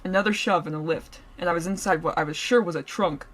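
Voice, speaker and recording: Her fairly low voice moves fast with few pauses as she reads a story aloud on stream. Playful and giggly, she reacts live, laughing and interrupting herself to joke with chat.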